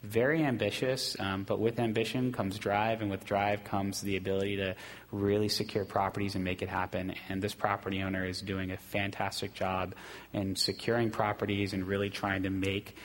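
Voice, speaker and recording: A man on city staff giving a steady, fairly monotone report at a public meeting, with frequent ums. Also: lowish voice, moderate pace. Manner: steady, self-described monotone, many ums. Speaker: city staff presenting to council. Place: city council chamber. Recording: long hall reverb in council chamber.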